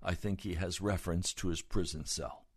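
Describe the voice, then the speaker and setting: A male preacher delivering a sermon, speaking slowly and gravely before building into fervent, pleading appeals. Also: sits low, fairly even intonation, no echo.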